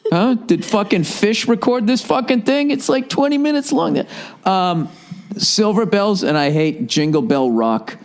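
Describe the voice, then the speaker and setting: A man's voice: sits high, measured pace. A man hosting a podcast, telling stories in casual chat with a sarcastic, profane manner. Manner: profane, sarcastic, animated storytelling. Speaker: podcast host. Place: indoors at home by a fire.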